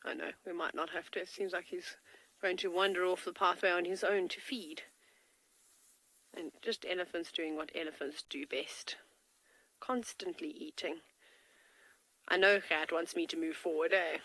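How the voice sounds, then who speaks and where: Bright-voiced woman safari guide. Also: on the low side, fairly even intonation, normal speed, pauses often, no room sound, low-quality recording. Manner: chatty and enthusiastic, talks to kids. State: tickle in her throat. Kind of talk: live game-drive commentary. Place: outdoors in a game-drive vehicle.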